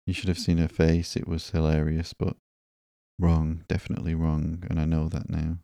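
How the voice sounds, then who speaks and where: Brief: joking reformed villainess, read plainly by a man, deep and dark tone, dry close sound. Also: completely flat delivery, normal speed, vocal fry, dry recording. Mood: flippant. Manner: flippant, joking. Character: wisecracking reformed woman villain.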